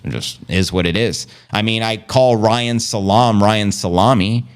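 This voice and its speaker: With a fairly low, clear and resonant voice, he takes his time as he hosts an easygoing livestream through a streaming setup. His manner is brash and playful, loaded with swearing and made-up slang.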